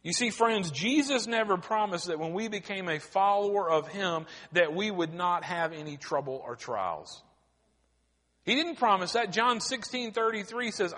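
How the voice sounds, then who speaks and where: A male pastor preaching a sermon, with dramatic pauses, building to emphatic cries. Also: high-pitched, animated, fairly bright tone. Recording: long hall reverb.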